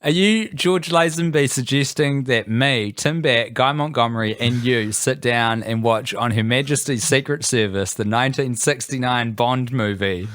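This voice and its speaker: A man's voice: medium pitch, moderate pace, few pauses, a bit bright, no echo. A male podcast co-host chatting casually, playful and mock-formal, with a mid-range voice. The recording is dry and close to the mic. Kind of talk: casual comedy podcast chat.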